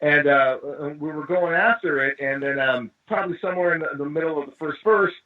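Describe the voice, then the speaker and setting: A drummer from East Los Angeles, heard on a tinny phone call, spins a long story during an interview and performs the quoted dialogue of its characters. His voice is fairly high and his pace brisk, and he tells it with lively energy.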